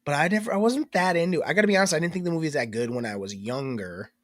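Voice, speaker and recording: Congested man, lively chatty co-host. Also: fairly high pitch, very fast, no echo. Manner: chatty, joking, lively storyteller. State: congested, stuffed-up voice. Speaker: podcast co-host. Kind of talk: casual chat.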